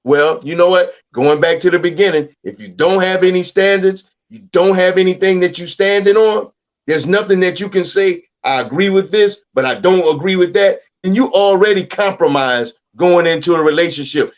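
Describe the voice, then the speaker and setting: A man's voice: high-pitched, normal speed. Reflective man on a dull lo-fi line. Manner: reflective, searching for words. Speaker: podcast co-host. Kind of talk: casual podcast discussion. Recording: dull lo-fi sound.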